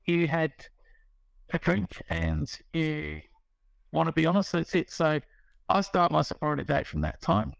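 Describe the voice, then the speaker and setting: Gravelly man telling his story. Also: on the high side, measured pace, no echo, rough recording. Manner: rambling, restarts, acts out quoted dialogue. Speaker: guest sharing recovery story. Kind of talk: casual storytelling.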